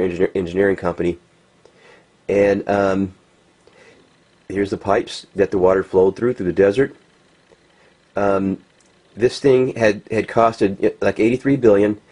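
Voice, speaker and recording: An American vlogger gives an agitated, unscripted rant over pictures, full of restarts and fillers. His voice sits on the low side with a darkish tone.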